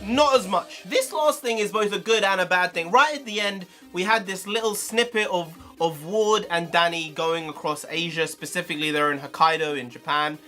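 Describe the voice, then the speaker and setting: A man, ranting heatedly in a review vlog, swearing, his pitch swinging up and down. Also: normal speed, hardly any pauses, sharp tone, faint music behind. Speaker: video reviewer.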